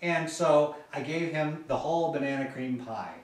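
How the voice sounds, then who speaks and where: A man with a fairly high voice tells a story to his vlog audience, jokey and animated, laughing as he goes. He is recorded from a little way off the mic in a strongly echoing room. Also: moderate pace. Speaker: gardening channel host. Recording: echoey room, voice from a distance.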